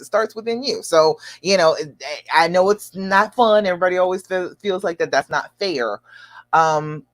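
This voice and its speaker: Lively, encouraging woman coach live-streaming. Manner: animated and encouraging, with big leaps up in pitch; laughs often while talking. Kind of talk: live-stream advice talk, reading viewer comments.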